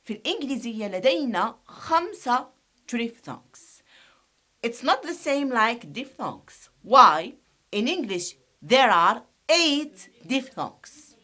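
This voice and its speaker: Woman teacher drilling vowel sounds, bright voice, goes up and down a lot. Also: fairly high pitch, very animated. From Algeria. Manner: slow and deliberate, repeats sounds for students, switches to Arabic to explain. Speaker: English teacher. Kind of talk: classroom pronunciation lesson.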